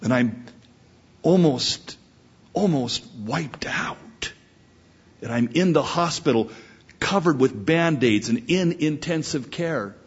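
Slow, husky-voiced male preacher. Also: on the high side, animated. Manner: storytelling, impassioned. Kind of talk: sermon. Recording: dull lo-fi recording.

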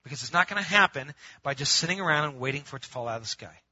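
A man preaching a sermon to his congregation in a lively, conversational way, moving from loud emphatic bursts to quiet, intimate pleading. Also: on the high side, racing, dry recording, highs cut off. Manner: calls the congregation "gang", laughs between points. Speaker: pastor.

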